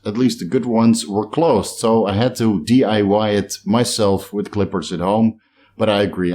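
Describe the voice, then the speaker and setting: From his home in a hot place, a middle-aged Dutchman who runs a bodybuilding channel reads viewer comments aloud and replies. His slight accent comes through a lowish, darkish voice as he rambles along, chatty and self-deprecating.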